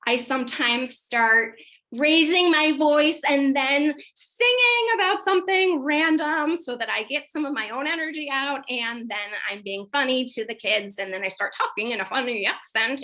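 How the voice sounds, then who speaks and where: A woman psychologist giving a casual, animated workshop talk to parents, often checking in with her listeners. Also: mid-range voice, vocal fry, poor audio. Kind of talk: informal workshop presentation.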